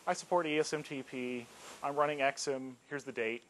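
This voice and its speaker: A man's voice: medium pitch, steady tone, brisk, fairly bright tone, slight background noise, close to an everyday voice, poor audio. A man voicing a chirpy, friendly male mail server, cheerful and overly polite.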